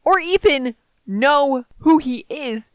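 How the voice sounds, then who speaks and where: A woman's voice: high-pitched, animated, takes it slowly, dry recording. A young woman co-hosting a podcast in casual chat, making wry comments. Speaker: podcast co-host. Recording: dry, dull lo-fi mic.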